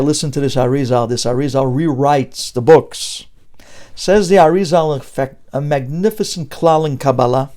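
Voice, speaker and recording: A man's voice: medium pitch, darkish tone. A man giving a Torah sermon as a rabbi, preaching emphatically with rhetorical questions and mixing Hebrew terms into English.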